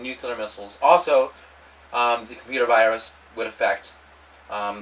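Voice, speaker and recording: A man delivering a rambling, provocative monologue, halting often and restarting his sentences. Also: medium pitch, a bit bright, recorded from a distance, low-quality recording. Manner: halting, with many restarts and repetitions. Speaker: vlogger.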